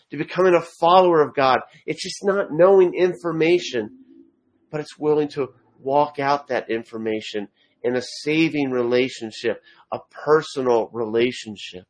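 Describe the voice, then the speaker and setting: A man preaching a sermon, reading scripture aloud and stressing key phrases by repeating them. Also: mid-range voice.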